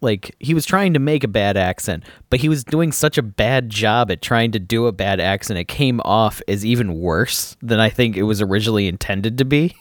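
A man co-hosting a casual movie review podcast, relaxed and chatty. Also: lowish voice, normal speed, no room sound, clean studio sound. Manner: relaxed, chatty, with frequent "uh" fillers. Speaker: podcast co-host.

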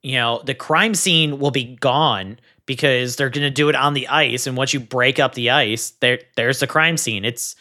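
A man discussing a film in a casual podcast chat, animated and quick to pile on his points. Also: mid-range voice. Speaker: film reviewer.

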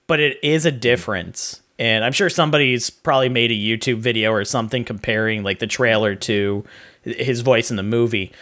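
A man co-hosting a podcast, giving a steady, explanatory movie review in casual chat. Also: medium pitch. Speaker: podcast co-host.

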